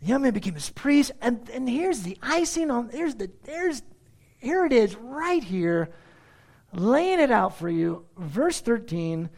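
A man preaching a verse-by-verse sermon with sarcastic asides and rhetorical questions, swinging between loud exclaims and hushed asides. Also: extremely high pitch, sing-song, measured pace, creaky. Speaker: pastor. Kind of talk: expository sermon.

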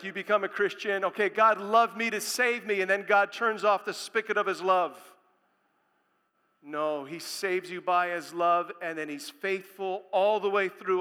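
A man preaching a sermon as pastor, speaking emphatically and building to loud proclamations. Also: sits high, clean tone, long reverb tail.

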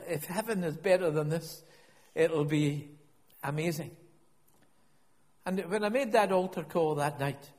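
A man's voice: a little high, big-room sound. A middle-aged man preaching a sermon, telling a personal story in a reflective way and often repeating and restarting his words.

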